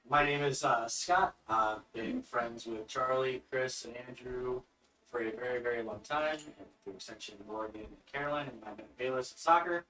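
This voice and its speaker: A man player introduces himself in an offhand, joking way, with a bright, forward tone. He sounds set back from the mic in a roomy space. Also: mid-range voice, moderate pace, recorded from a distance. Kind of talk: casual chat.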